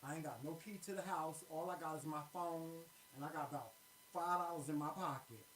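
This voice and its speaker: A man's voice: a little high, fairly quick. A man co-hosting a show, telling a story casually and dramatically. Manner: dramatic, expressive. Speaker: co-host. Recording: echoey room, away from mic.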